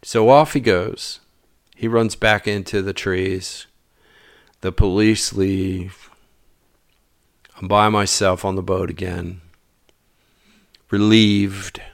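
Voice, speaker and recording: A man tells a personal story slowly in a low, gravelly voice, pausing often and keeping it casual. He's animated, acting out the dialogue and at moments dropping into a mutter. The recording is dry and of studio quality.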